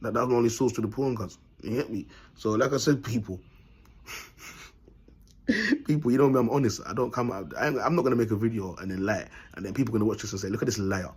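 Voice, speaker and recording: A man's voice: medium pitch, animated, fast, husky. A man, vlogging in a blunt, rambling monologue full of street slang and frequent laughter. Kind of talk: casual monologue to camera.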